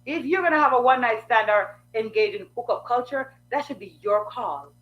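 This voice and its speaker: A woman's voice: a little high, fairly quick, lo-fi sound. A woman giving frank, sassy advice in a preachy monologue full of rhetorical questions.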